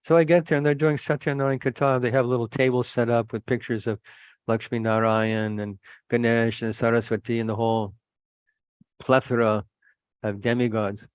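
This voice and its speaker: A man's voice: medium pitch, flat delivery, moderate pace, clear, resonant tone, dry recording. A man preaching a sermon, earnest and admonishing, telling stories to make his points. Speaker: preacher, monk. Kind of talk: sermon with anecdotes.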